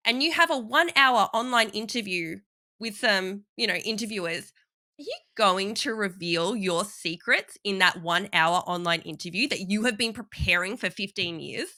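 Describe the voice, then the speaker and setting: A woman's voice: mid-range voice, normal speed, bright, forceful tone. A woman co-hosting a podcast in casual chat, talking emphatically and persuasively and repeating her points. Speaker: podcast co-host.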